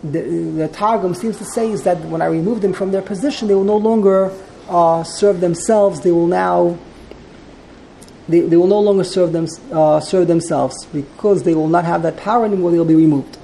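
Woman teacher, gravelly and mellow-toned, leads a text class with patient line-by-line explanations; faint room ambience behind. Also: fairly low pitch, moderate pace, slight background noise, low-quality recording. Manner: explanatory, translates line by line, digresses.

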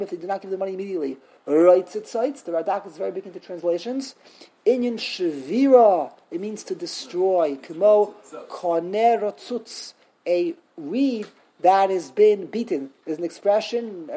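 Teaching a text study class, a woman breaks words down into syllables and sounds them out slowly while explaining grammar, restarting frequently. She speaks at medium pitch in a mellow, husky voice.

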